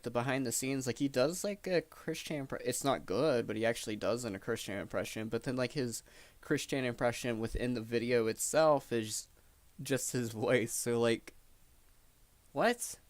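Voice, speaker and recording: A man's voice: medium pitch, moderate pace, no echo. A man giving casual commentary, chatty and filling his talk with "like". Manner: chatty, fills with "like". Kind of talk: casual commentary over clips.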